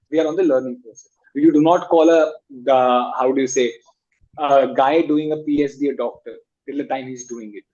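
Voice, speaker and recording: A man's voice: fairly high pitch, warm tone. A young man with an Indian English accent, a guest in a conversational interview, talking emphatically with rhetorical questions and frequent repetition. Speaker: guest, long-distance walker. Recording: dull lo-fi audio.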